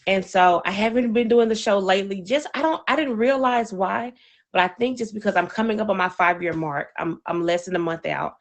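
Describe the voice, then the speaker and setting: A woman hosting a podcast, talking in a reflective, earnest and halting way. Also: medium pitch. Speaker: podcast host. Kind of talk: casual podcast talk.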